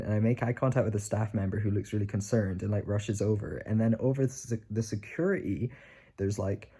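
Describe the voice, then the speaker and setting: Young guy rambling through a story for his vlog, low husky dark voice. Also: steady tone, brisk. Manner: rambling, filler-heavy, acts out quoted voices. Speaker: vlogger.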